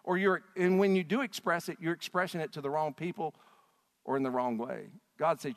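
A male pastor preaching a sermon with passion, swinging between loud and hushed delivery. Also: on the high side, a little fast. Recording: long hall reverb.

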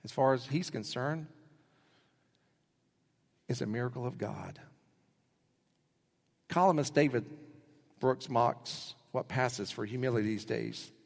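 A middle-aged male pastor preaching a sermon, telling stories animatedly and acting out quotes with sudden jumps in pitch. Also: takes it slowly, long pauses, darkish tone. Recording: husky voice with long hall reverb.

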